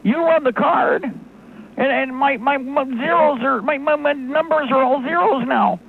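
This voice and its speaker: A man's voice: measured pace, creaky, full character voice. A man voicing a panicked male worker who calls about his empty account, stammering and pleading in a raised voice. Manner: stammering, pleading, high-pitched. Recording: tinny phone-line audio, faint noise.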